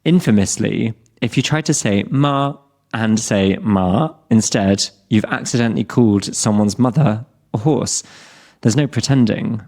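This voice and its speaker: A British man in his thirties hosts an English-learning podcast in a low voice with vocal fry at normal speed. His scripted yet candid talk mixes self-deprecating humour with steady encouragement for learners.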